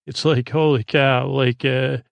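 A man in a dry, close-sounding room talks through an episode recap, stopping and starting as he reads from his notes. His voice is gravelly, and his pitch stays level and even. He fills the gaps with plenty of hesitation sounds. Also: no room sound. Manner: halting, loose, full of filler sounds while paraphrasing scenes. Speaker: podcast host recapping a TV episode. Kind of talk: casual episode recap read from handwritten notes.

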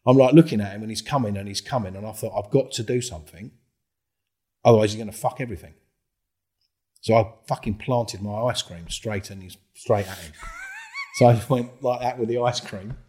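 A man's voice: on the low side, fairly quick, husky. A man, a former undercover police officer, telling his stories in a casual interview, swearing freely and acting out what others said. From England. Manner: swears a lot, acts out other people's lines with lively quoted voices.

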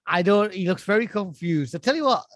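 A man's voice: sits high, lively intonation, fairly quick, no room sound, studio quality. A man in casual chat, rambling and laughing as he recaps a show.

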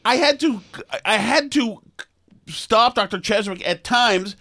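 Animated high-voiced man hosting a podcast. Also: slow pace. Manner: joking, self-mocking. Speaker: podcast host. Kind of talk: casual banter.

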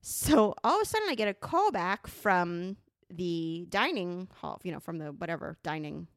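A middle-aged woman on a podcast, telling a funny story in an animated, casual way and swearing freely. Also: fairly low pitch, normal speed, no room sound, clean studio sound. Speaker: podcast co-host.

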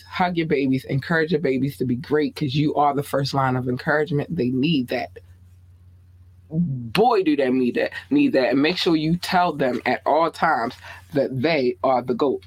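A woman's voice: husky, no echo. Laid-back Baltimore-accented woman podcast host. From Baltimore, USA. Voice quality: animated, swooping up high when excited. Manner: laid-back, blunt, frequent "um" and laughter. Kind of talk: casual podcast sign-off chat. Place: small home studio.

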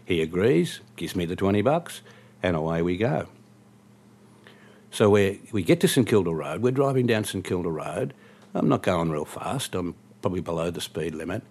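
A man's voice: low voice, expressive, normal speed, darkish tone, husky. A man, a taxi driver telling a story about a fare in a dry, wry, conversational way. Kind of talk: spoken anecdote storytelling.

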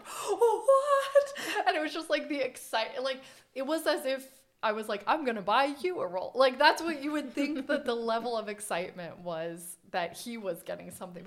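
A young adult woman, a podcast guest, telling stories in casual conversation, laughing often and acting out what people said. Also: on the low side. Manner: animated storyteller, laughs often, acts out quotes. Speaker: podcast guest, watch collector.

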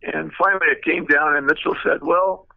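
A man's voice: a little high, steady tone, fairly quick, creaky, no echo. An older man, a retired car designer, telling stories in a rambling way with many fillers and restarts. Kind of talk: anecdotal storytelling. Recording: tinny phone-like line, dry.

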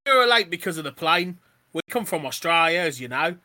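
Woman playing a loud crude stage mum, cockney accent, bright forceful voice. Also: fairly low pitch, sing-song, a little fast. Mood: pushy. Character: pushy stage mum, middle-aged, loud and brash. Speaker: improv player. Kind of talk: improvised comedy scene.

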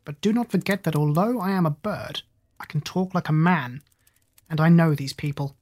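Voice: medium pitch, moderate pace, a little mellow, natural voice. A reader voicing a clever, self-assured female parrot. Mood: confident.

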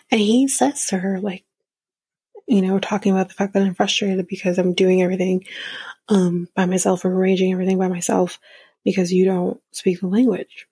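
A woman's voice: medium pitch, little pitch movement, moderate pace, mellow, slightly rough, no echo, poor audio. A young woman hosting a podcast, chatting casually and with exasperation about a reality show, swearing freely. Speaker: podcast host. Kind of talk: casual recap commentary.

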